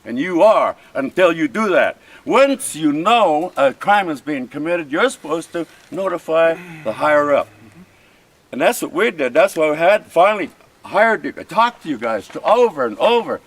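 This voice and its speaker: A First Nations chief confronts police at an outdoor protest camp, his fairly high voice expressive and moderately paced. In this heated, face-to-face exchange he is impassioned and pleading, going over the same points repeatedly, captured on a low-quality recording.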